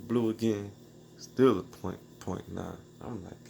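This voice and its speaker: A man tells a story in a loose, rambling way, piling up slang and restarting his sentences. His voice sits low and has a gravelly, creaky edge. A faint hiss runs under it. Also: steady tone, slow pace, mellow. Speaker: beatmaker telling a personal story. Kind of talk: casual storytelling.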